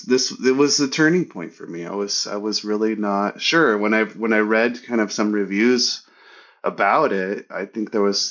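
A man from the United States chatting on a podcast, thoughtful and hesitant, often restarting his sentences. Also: medium pitch. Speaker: podcast co-host. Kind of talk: casual podcast chat. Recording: dull lo-fi audio.

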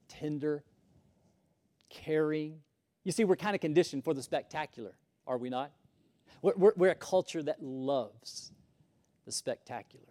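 High-voiced male pastor preaching. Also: measured pace, pauses often. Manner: dynamic, swinging from loud emphasis to hushed whispers; repeats words when starting sentences. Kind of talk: sermon.

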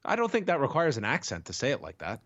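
A man co-hosting a casual chat podcast while sick, talking in a measured, thoughtful way. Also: mid-range voice, huge pitch swings, fairly bright tone, no echo, highs cut off. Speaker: podcast co-host.

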